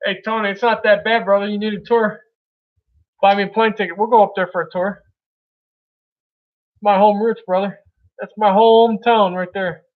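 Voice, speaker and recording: A man's voice: high-pitched, flat delivery, normal speed, long pauses. A man from Milwaukee, Wisconsin, hosting a casual livestream chat, rambling loosely and calling viewers brother. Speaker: livestream host chatting with viewers. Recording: tinny phone-like audio.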